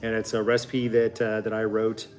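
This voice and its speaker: A man's voice: fairly low pitch, completely flat delivery, normal speed, darkish tone. A man hosting a casual home cooking show, swearing freely and cracking jokes while he mixes drinks and explains the recipe. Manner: profane, wisecracking.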